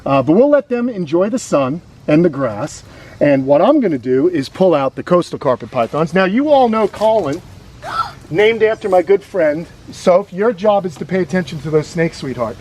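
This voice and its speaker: A man's voice: fairly high pitch, sing-song, moderate pace, a little mellow, breathy edge. A man hosting a casual educational vlog outdoors on a grassy lawn, explaining reptiles with chatty enthusiasm. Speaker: reptile sanctuary host.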